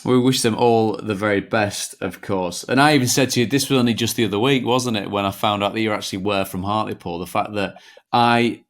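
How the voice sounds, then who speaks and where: A man's voice: on the low side, steady tone, a little fast. A man hosting a podcast, a former footballer, chatting in a playful, wordy way with elaborate phrasing. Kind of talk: casual podcast chat.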